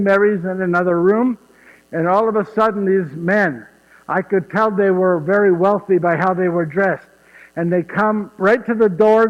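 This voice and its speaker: In a one-man stage show performed in a church, an actor plays Saint Joseph as a humble, wonder-struck father, telling the story in first person. His voice sits high, and he chuckles warmly at his own tale while turning to ask the audience questions directly. The recording is echoey, with a dull, muffled sound.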